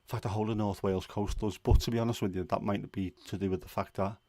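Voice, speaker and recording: On the low side and dark in tone, this man's voice stays fairly even as he talks quickly with no echo. He's a Liverpool livestream host with a Scouse accent, casually answering viewers and rambling with plenty of fillers.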